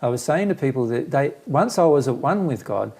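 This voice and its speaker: A man with a gravelly, slightly husky voice speaks as a spiritual teacher in a relaxed conversation. He explains earnestly and patiently, reaching for simple everyday comparisons. His pitch sits at an ordinary middle height for a man. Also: a little fast.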